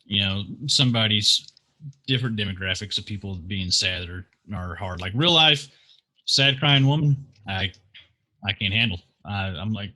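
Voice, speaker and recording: A man co-hosting a casual podcast, recapping a show and making dry, deadpan teasing asides. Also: lowish voice, normal speed. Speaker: podcast co-host. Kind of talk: casual chat.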